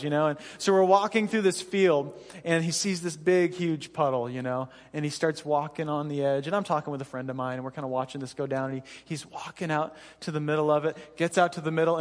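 A man in his thirties preaching a sermon as pastor, telling self-deprecating stories in an animated way that breaks into laughter. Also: fairly high pitch, long reverb tail. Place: church stage.

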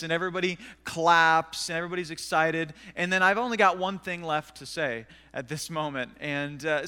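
A man preaches from the stage of a church sanctuary, telling self-mocking stories with lively energy. His voice sits high and sounds smooth and clear. A long reverb from the hall trails behind each phrase. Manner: animated, self-deprecating storyteller. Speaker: pastor. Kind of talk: sermon storytelling.

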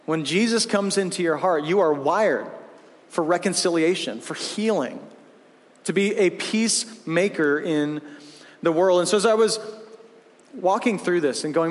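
Male pastor, high-pitched, casual restart-heavy preaching style, recorded in a reverberant church hall. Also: moderate pace. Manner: conversational preaching, many restarts and asides. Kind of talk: sermon. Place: church sanctuary.

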